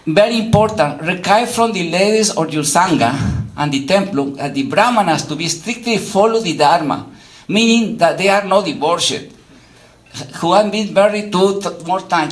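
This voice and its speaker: A man delivers a religious lecture in a high voice. He is emphatic, repeats phrases, and fills his speech with "you know". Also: expressive, moderate pace.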